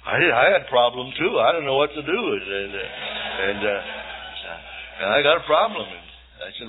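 A man's voice: medium pitch, lively intonation, fairly quick, a little hiss or hum. A man around seventy preaching a sermon, telling homespun stories with self-deprecating humor and building to fervent appeals. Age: about 70. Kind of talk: sermon, folksy storytelling and exhortation. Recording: tinny phone-like archive sermon tape.

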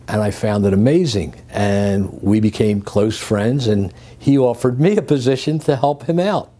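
With a lowish voice, a moderate pace, and few pauses, an older man from Greece looks back on his working life. He's an interview guest, telling his stories with lively chuckles.

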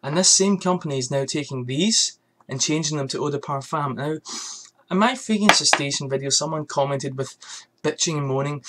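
A man's voice: a little high, moderate pace, a bit bright, a little hiss or hum. A man ranting angrily on his vlog about a perfume brand, swearing often and firing off rhetorical questions. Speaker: fragrance reviewer.

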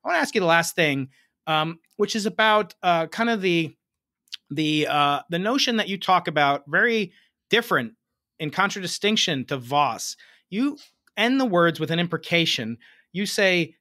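A man hosting a podcast interview, talking in an animated, jokey way and laughing often. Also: fairly high pitch, moderate pace, dry recording, clean studio sound. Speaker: podcast host. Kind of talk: interview conversation.

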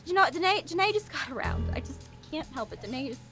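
A young woman trading playful, giggly teasing while gaming with a friend. Her high voice is lively and jumps around. It has a bright tone, with faint music in the background. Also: fast. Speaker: fellow gaming creator. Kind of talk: casual gaming banter.

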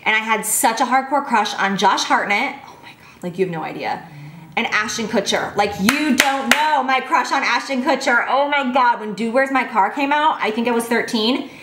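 A woman's voice: fairly high pitch, moderate pace, hardly any pauses, reverberant, background noise. A woman in her twenties chatting casually and gushing as she answers fan questions, filling her talk with "like". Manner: gushing, bubbly, heavy use of "like". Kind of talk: casual chat.

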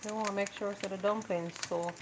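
A woman's voice: medium pitch, steady tone, fairly quick, noisy background. A woman co-hosting a live cooking show in a home kitchen, playful and teasing. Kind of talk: casual live cooking chat. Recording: loud frying sizzle behind.

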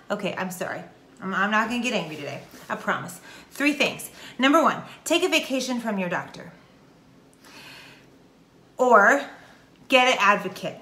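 A middle-aged woman with a Texan accent talking straight to camera in a casual, animated, preachy way. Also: fairly high pitch, normal speed, long pauses. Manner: animated, preachy, folksy with southern slang. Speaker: vlogger. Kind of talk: casual direct-to-camera talk. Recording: echoey room.

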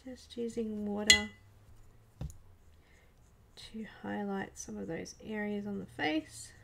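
A soft-spoken woman talks casually through a live coloring stream, her voice slipping into quiet murmurs and whispers now and then. Her tone has a gravelly edge, and a faint hiss of background noise sits under it. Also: medium pitch, steady tone, slow pace. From Australia. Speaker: livestream coloring artist.

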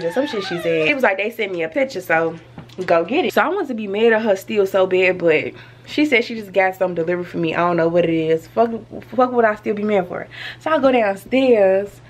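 Animated woman telling a story at home. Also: medium pitch, a little fast. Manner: animated storytelling, lots of slang and cursing. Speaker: vlogger. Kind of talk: casual story time to camera. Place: home, indoors.

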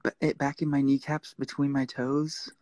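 A woman with a very deep, husky voice plays straight man in a live comedy bit. She complains in a flat, indignant deadpan. Her delivery stays dry and put-upon. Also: normal speed. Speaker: comedy scene partner playing a disappointed Disney worker. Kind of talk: improvised comedy sketch on a live stream.

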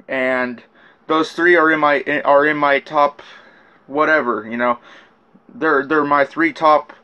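A man's voice: a little high, steady tone, slow, dull audio. A man telling his side of a rap feud in a casual rant, swearing often and restarting his sentences. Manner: profane, rambling, with many restarts. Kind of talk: casual rant recounting messages.

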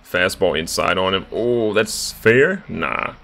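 A young man from Virginia streaming a game live, reacting loudly to plays and reading his chat aloud to thank viewers. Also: low voice, animated, takes it slowly, creaky. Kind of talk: live gameplay commentary.

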